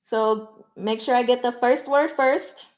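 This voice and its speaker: A woman hosting a casual livestream word game. She gives clues in short, deliberate fragments and laughs often. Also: on the high side, fairly even intonation, darkish tone. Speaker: channel host running a livestream game.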